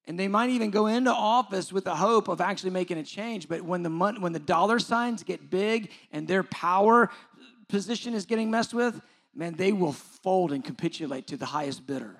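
A man's voice: high voice, a little fast, a bit bright. A middle-aged man preaching a sermon as pastor, moving from conversational asides to emphatic, rising questions. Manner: conversational asides with filler words.

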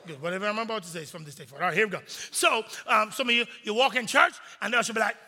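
Pastor guy preaching, really high bright voice, gravelly edge, big echoey sanctuary. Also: very fast. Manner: animated, call-and-response preaching. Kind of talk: sermon. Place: large church sanctuary. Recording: long reverb in a large sanctuary.

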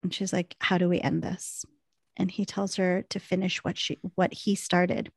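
A woman co-hosting a podcast, retelling a TV episode in a quick, animated way. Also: fairly low pitch, creaky, no room sound. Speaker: podcast co-host recapping a TV episode. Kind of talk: casual recap storytelling.

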